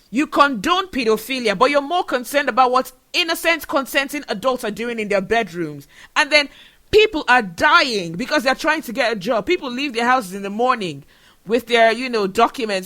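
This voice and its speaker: A woman speaks straight to her audience in an emotional monologue. Her voice is bright and clear, her tone indignant, and she presses her point with rhetorical questions. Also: fairly high pitch. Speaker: show host. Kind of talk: impassioned monologue to camera.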